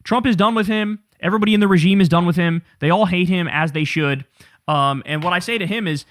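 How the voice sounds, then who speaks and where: A man's voice: high voice, quick pace, a bit bright, dry recording, studio quality. A man hosting a political commentary show, ranting in a profane, sarcastic, fired-up way.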